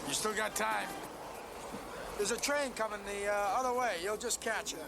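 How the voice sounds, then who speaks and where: A smug menacing dude, real high voice, heavy street noise behind, old film sound. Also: male voice, moderate pace, gravelly. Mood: cold. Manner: calm, taunting, switches to Spanish. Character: menacing man in a car, cool, taunting. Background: street and vehicle noise.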